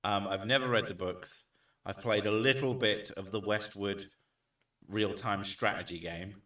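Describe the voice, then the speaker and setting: A man chatting casually and jokingly on stream, swearing now and then and throwing in loud bits. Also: on the low side, steady tone, measured pace. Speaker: streamer host. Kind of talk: casual chat. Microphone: desk mic set back from him. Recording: echoey room, far from mic.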